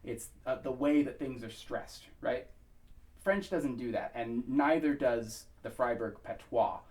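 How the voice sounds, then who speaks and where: An American man of medium pitch talks through a pronunciation lesson in an easy, unhurried way, pausing often to find his words. He sits a little back from the microphone, so his voice sounds somewhat distant. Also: a little mellow. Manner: thoughtful, many ums and uhs, sings short vocable demonstrations. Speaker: pronunciation instructor. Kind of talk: relaxed spoken tutorial.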